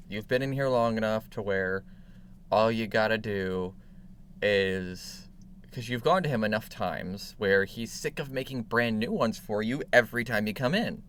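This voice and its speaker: A man's voice: on the low side, fairly bright tone, a little hiss or hum. A man narrating as game master of a tabletop game, playful and teasing with his player.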